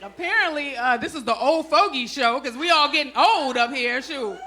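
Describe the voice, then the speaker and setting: A woman's voice: high-pitched, animated, moderate pace, bright, forceful tone, roomy sound. A middle-aged woman from Brooklyn, doing a stand-up comedy set with punchy, slangy delivery and asides to the crowd. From Brooklyn, New York. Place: comedy club stage.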